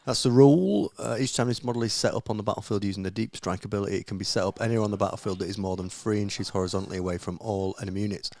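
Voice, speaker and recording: A man's voice: fairly low pitch, steady tone, rapid-fire, gravelly, few pauses, darkish tone, no echo. Hesitant man commentating a game. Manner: hesitant, restarts, reads rules aloud. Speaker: stream host and commentator.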